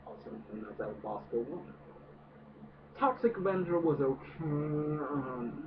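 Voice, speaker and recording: A man giving a casual, profane movie rant, hesitant and full of fillers. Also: medium pitch. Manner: hesitant, many fillers, swears a lot. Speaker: movie reviewer. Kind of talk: casual ranting film review. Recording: distant noisy phone-like audio.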